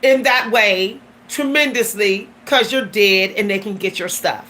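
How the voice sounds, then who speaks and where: A woman's voice: mid-range voice, unhurried, pushed and bright. A woman vlogger giving a blunt, emphatic personal monologue that often turns preachy.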